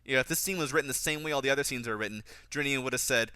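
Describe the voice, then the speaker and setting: A man's voice: racing, sharp tone, clear, resonant tone, no echo. A man giving casual film commentary, critical of the script and mocking its lines. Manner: critical, mocks dialogue in a higher voice.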